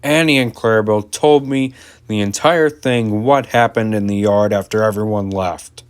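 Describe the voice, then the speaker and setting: A man voicing a stern, portly railway boss who booms and scolds. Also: steady tone, normal speed, clean tone, natural voice. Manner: booming and scolding.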